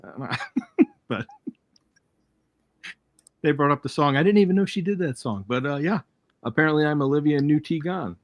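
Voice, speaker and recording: A man's voice: a little high, expressive, moderate pace, long pauses, no room sound, lo-fi sound. A man co-hosting a casual livestream chat, easygoing and joking.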